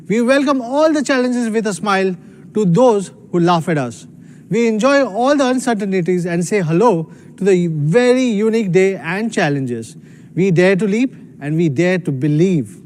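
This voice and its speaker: A man's voice: sits high, a little mellow, a little hiss or hum. A man giving a proud, emphatic scripted keynote as a company executive.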